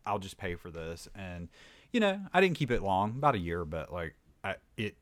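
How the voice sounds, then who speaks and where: A man's voice: deep voice, big pitch swings, normal speed, no echo. A man with a Southern American accent chatting casually, rambling through stories with lots of "like" and filler words. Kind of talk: casual chat.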